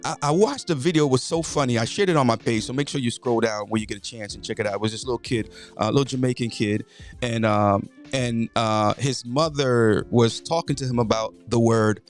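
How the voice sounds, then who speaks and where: Male livestream host, middle-aged, mid pitch, folksy preacher cadence, soft music underneath. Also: fairly quick. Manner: preacherly, greets viewers by name, repeats phrases. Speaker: host of a morning inspiration livestream. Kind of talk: casual inspirational livestream talk.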